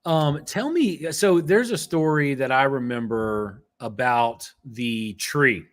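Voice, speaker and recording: Brief: male host, casual live chat, easygoing questions, mid pitch. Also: slow. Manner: casual, relaxed questions with fillers.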